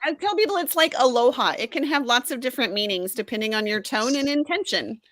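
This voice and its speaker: Woman podcast cohost, feisty n teasing, bright sharp voice. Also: high-pitched, animated, fast, no room sound. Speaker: podcast co-host. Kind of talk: casual chat.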